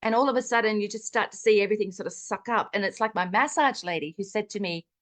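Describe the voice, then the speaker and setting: On a casual video call, a middle-aged woman with a medium-pitched voice talks fast and animatedly about her own health. As a guest sharing the story, she chats with many fillers and acts out quoted dialogue.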